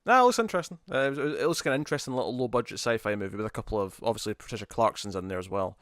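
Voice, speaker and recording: A man's voice: mid-range voice, lively intonation, rapid-fire, fairly bright tone, no echo, clean studio sound. A man co-hosting a podcast, chatting casually and rambling about movie trailers with lots of restarts. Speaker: podcast co-host.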